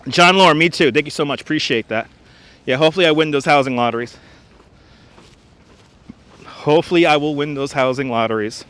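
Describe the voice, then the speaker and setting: On a wireless lapel mic, with a phone on a gimbal, a man chats from a frozen beach during a live stream, greeting viewers by name as he reads the chat. His fairly high voice has a fairly bright tone, and he speaks a little fast but pauses often.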